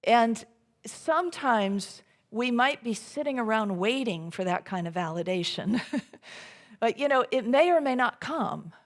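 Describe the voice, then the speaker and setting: This woman preaches in a church sanctuary, her voice a little high and her pace measured. The sermon feels like casual conversation, peppered with fillers and false starts, and she dramatizes what she was thinking in quotes.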